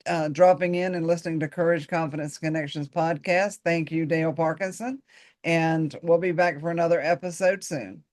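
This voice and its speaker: A woman's voice: low voice, steady tone, moderate pace, darkish tone. A woman hosting an interview podcast, encouraging and upbeat, affirming her guest often. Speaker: podcast host.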